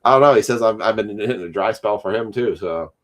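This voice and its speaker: A man's voice: lowish voice, quick pace. A man hosting a live card break stream, chatting casually and teasing his co-host while rattling off lists of player names.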